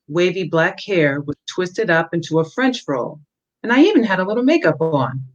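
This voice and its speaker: A woman author reading excerpts from her own novel at a measured pace, with a few fillers in between, heard through dull lo-fi audio. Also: fairly low pitch.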